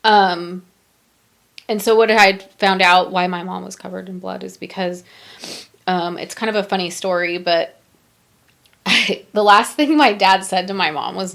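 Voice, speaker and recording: A middle-aged woman hosting a podcast, telling a personal story in a halting, emotional way with many pauses and fillers. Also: medium pitch, vocal fry, fairly bright tone. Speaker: podcast host.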